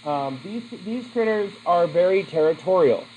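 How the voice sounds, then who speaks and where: A man's voice: high-pitched, animated, normal speed, a little mellow, lo-fi sound, slight background noise. Chatty man teaching a class. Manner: chatty, asks the class questions. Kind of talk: classroom lesson.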